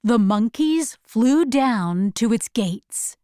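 A woman narrating a storybook in a slow, clear, expressive read-aloud. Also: fairly high pitch, dry recording, clean studio sound.

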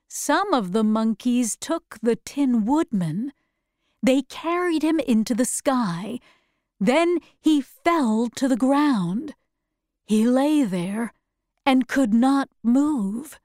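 A woman narrating a storybook chapter in clear, deliberate, simple phrasing. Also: fairly high pitch, a little mellow, dry recording, studio quality. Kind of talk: slow storybook read-aloud.

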